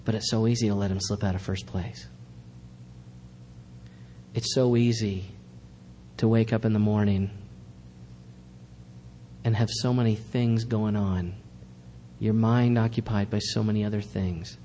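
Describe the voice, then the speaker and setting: A male pastor delivers a sermon in a church, pressing his points with earnest, emphatic repetition. His voice is mellow and warm, and a faint rumble sits underneath it. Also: steady tone, a little slow, long pauses, in a large hall.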